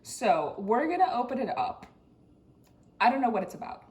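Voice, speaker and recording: A young woman in her twenties vlogging from her desk at home, her voice sitting a little high. She rants and complains with biting sarcasm, and her voice jumps into sudden squeals when something annoys her. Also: sing-song, moderate pace, darkish tone. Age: 20s. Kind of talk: casual vlog chat.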